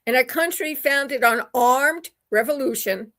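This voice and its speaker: A woman's voice: sits high, unhurried, a bit bright. A woman hosting a talk radio show, reading news quotes with sarcastic asides. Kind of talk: opinion commentary reading quotes.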